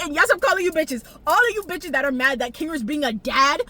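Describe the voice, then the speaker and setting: A young woman with a fairly high voice talks straight to camera in a loose, excited vlog ramble. She swears freely, laughs between thoughts and leaps up in pitch whenever something moves her. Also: a little fast, slight background noise. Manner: expressive, profane, laughs often, jumps pitch when excited. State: tearful at times. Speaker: vlogger. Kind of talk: casual animated recap.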